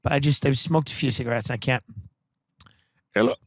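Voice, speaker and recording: A man from Long Island hosting a podcast, delivering a comedic monologue with sardonic, deadpan exaggeration into a close studio microphone. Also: mid-range voice, very fast, dry recording. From Long Island, New York. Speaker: podcast host.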